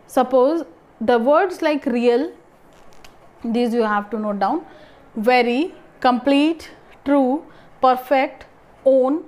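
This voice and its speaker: A woman teaching grammar and asking the class questions, then answering them herself. She talks haltingly, with restarts and fillers. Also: sits high, darkish tone. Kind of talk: classroom lesson.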